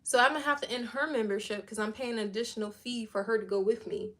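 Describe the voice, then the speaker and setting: A woman with a high, bright voice tells a story in a casual livestream rant. She is blunt and swears freely, and she acts out every side of the exchange with lively energy. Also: quick pace. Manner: blunt and profane, animated retelling. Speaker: livestream host.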